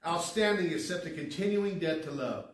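A man preaching a sermon as pastor, building to emphatic lines and dropping to a hushed tone. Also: on the high side, lively intonation, moderate pace. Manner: preaching with rising emphasis, then softening to a hushed tone. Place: church sanctuary. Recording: echoey hall from far off.

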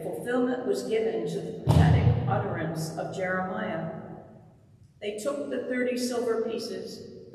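A lector narrating a Passion gospel reading in a church, slow and formal. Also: mid-range voice, darkish tone. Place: church sanctuary. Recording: echoey church from far off.

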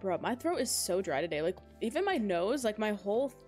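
A woman's voice: mid-range voice, big pitch swings, a little fast, a little mellow, soft background music. A woman of twenty-five hosting a casual gaming livestream, chatty and giggly as she talks straight to her chat on a close mic. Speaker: livestream host.

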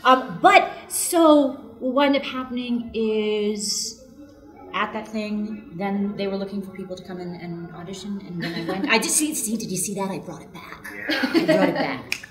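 A woman voice actress telling funny stories in a casual convention interview, animated and laughing as she acts out people's voices. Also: mid-range voice, moderate pace. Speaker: voice actress guest. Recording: echoey room.

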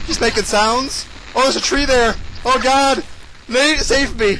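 A man's voice: very high-pitched, measured pace, background noise. A young man commentating his own horror game playthrough, panicky, swearing, and breaking into screams. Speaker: gamer playing a horror game. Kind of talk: let's play commentary.

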